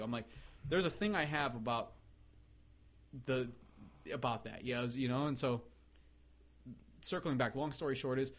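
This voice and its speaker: A man guest on a podcast, telling a story in a casual, animated way, acting out quotes and laughing often. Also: medium pitch, moderate pace, pauses often. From United States. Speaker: podcast guest, race car builder.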